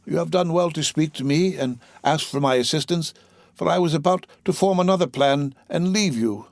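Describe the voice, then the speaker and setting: Grave, cautious hidden prisoner, read by a male narrator, measured and dry. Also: a little high, no room sound, voice pushed up, lightly acted.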